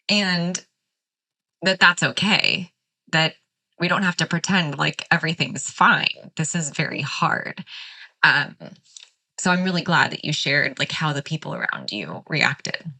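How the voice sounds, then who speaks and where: Bright, low-voiced woman host. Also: a little slow, vocal fry. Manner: gentle, affirming, emotional. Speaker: podcast host. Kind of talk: interview conversation.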